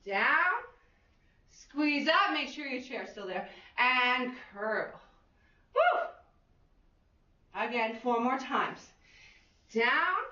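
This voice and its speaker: A woman's voice: fairly high pitch, big pitch swings, drawn-out words, pauses often, pushed and bright. A woman fitness instructor cueing an exercise class with an upbeat manner, counting reps and letting out whoops. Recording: echoey room, far from the mic, dull lo-fi.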